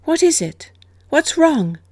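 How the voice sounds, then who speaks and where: A woman's voice: high voice, big pitch swings, takes it slowly, dry recording, studio quality, voice pushed up, full character voice. A woman voicing an anxious young wife in an audiobook, speaking in a tense, pleading way. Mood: insistent.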